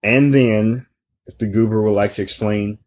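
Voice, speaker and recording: Laid-back low-voiced man in his forties. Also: fairly even intonation, a little mellow. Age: 40s. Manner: unhurried, laid-back delivery with many fillers. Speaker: podcast co-host. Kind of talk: casual chat.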